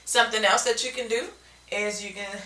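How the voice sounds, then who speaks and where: A woman's voice: mid-range voice, fairly even intonation, a little fast, sharp tone, reverberant, recorded from a distance. A woman teaching speech sounds in an instructional video, explaining step by step and often checking in with "okay?".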